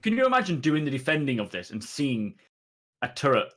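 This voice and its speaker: A man's voice: medium pitch, wildly swooping pitch, a little fast, a bit bright. A man co-hosting a gaming podcast, chatting with enthusiasm. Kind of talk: casual gaming podcast chat.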